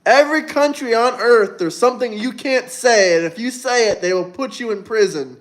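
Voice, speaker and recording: Young guy on a livestream, high voice, blunt and sweary, rambles as he answers chat. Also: normal speed, fairly bright tone. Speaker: livestream host. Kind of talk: casual live chat reading comments.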